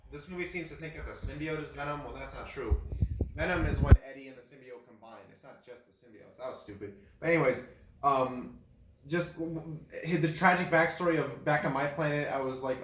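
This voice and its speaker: A man with a somewhat high voice chats casually, rambling through his opinions with plenty of fillers and restarts. He sounds like he is in a bare, echoey room. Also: a little hiss or hum. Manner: rambling, filler-heavy, bursts into loud incredulous laughter. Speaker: co-host ranking films. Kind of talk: casual chat.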